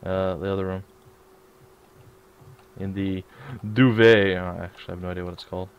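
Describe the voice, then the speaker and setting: A man's voice: sits low, fairly even intonation, moderate pace, smooth, lo-fi sound. A man hosting a let's play video, chatting casually and joking while he plays. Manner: joking, chatty, mumbles asides. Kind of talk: casual gameplay chat.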